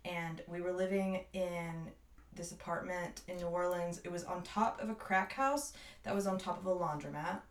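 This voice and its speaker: A woman chatting casually on a podcast, telling stories in an animated way and swearing freely. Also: fairly low pitch, normal speed. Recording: roomy, slightly distant mic.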